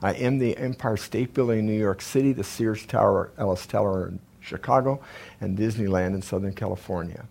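A man from eastern Colorado speaks with a gravelly, husky voice. He moves between joking asides and a slow, solemn recitation. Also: lowish voice, darkish tone. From eastern Colorado, USA. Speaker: speaker at a conference. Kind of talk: informal talk with a recited tribute.

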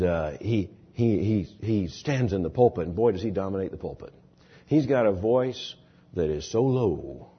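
A man preaching a sermon, expressive, dropping low and soft, then rising loud and emphatic. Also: breathy edge, highs cut off.

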